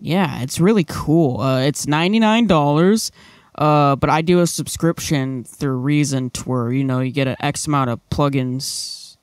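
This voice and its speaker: A man's voice: fairly high pitch, normal speed, no echo, clean studio sound. A young man co-hosting a casual podcast, rambling with lots of fillers into a microphone. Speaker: podcast co-host. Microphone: studio microphone.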